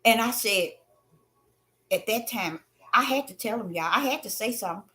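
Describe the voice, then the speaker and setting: A woman hosting a spiritual talk, telling stories in an animated, emphatic way that swings between loud and hushed. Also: on the high side, moderate pace. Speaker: host.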